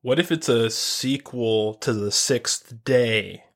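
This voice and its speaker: A man with a mid-range voice riffs through a rambling comic tale on a casual podcast, jumping into quick put-on voices for the characters. His delivery is loose and playful. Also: medium pitch. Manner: spins absurd stories, acts out quoted characters. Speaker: podcast co-host. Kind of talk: casual comedic chat.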